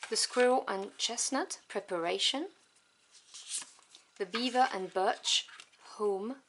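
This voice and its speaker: Slow, soft-spoken woman. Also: a little high, a little hiss or hum. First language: French. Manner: soft, unhurried listing with fond asides. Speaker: tarot deck reviewer. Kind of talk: card-by-card deck review.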